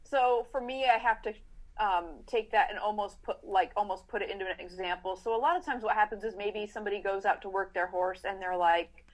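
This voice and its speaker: A middle-aged woman horse trainer, a podcast guest, explaining training in casual, animated chat and acting out riders' thoughts in quick asides. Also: medium pitch.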